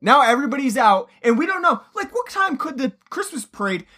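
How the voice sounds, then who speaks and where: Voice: high-pitched, very animated, brisk, bright, forceful tone. A podcast co-host in a casual movie-review chat, giving blunt, critical opinions.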